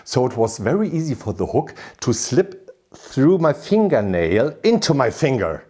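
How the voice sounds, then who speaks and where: A man with a German accent hosting a crochet tutorial, telling his story with animated exasperation. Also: mid-range voice, moderate pace. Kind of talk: casual tutorial talk.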